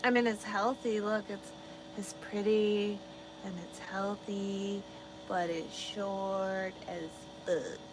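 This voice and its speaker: A woman talks slowly to her viewers, drifting between topics with plenty of ums. She swears freely and laughs at her own jokes, with steady noise underneath her voice. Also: medium pitch. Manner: profane, rambling, self-amused, many fillers. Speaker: vlogger chatting with live viewers. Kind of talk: casual live-stream chat.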